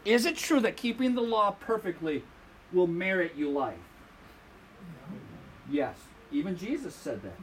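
A man preaching a sermon with a notably high voice that leaps around in pitch. He talks in an animated way and keeps checking in with his listeners as he teaches through a passage. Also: measured pace, long pauses, slight background noise. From Michigan.

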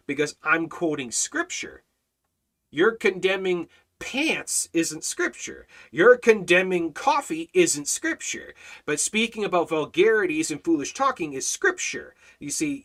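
A man's voice: a little high, bright, forceful tone. A man hosting a Bible study, speaking earnestly and emphatically, reading out scripture and restarting his sentences often.

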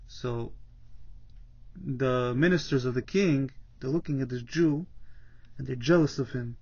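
A man's voice: mid-range voice, darkish tone. A man giving a casual Torah class, retelling a parable in plain speech and acting out the characters, with frequent restarts. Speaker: Torah teacher. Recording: dull lo-fi recording.

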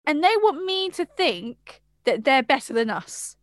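Podcast co-host, woman from England, high-ish voice, dry studio sound, lively gossip storyteller. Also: measured pace, no room sound. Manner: animated, swearing, laughing storyteller. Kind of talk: casual chat.

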